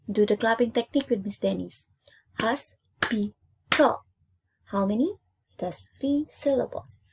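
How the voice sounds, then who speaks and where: Teacher, female, from Indonesia: slow, gravelly, drills words and claps out syllables. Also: mid-range voice, a little mellow. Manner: slow, repeats each word twice and counts out syllables. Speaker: English teacher. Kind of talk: classroom lesson, spelled-out syllables.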